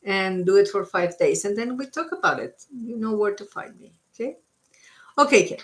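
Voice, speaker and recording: Here a woman with a mid-range voice talks at a moderate pace, sounding animated. During her live-stream psychic card reading she coaches the listener, checks in often with "okay?", and alternates English with Spanish.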